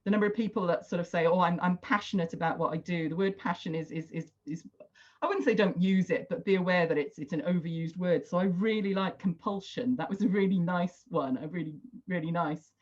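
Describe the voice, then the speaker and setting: A woman's voice: on the low side, a little fast, a little mellow. A woman facilitating an online workshop on a video call, chatty and encouraging, with lots of "sort of" hedges. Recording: dull lo-fi video call audio.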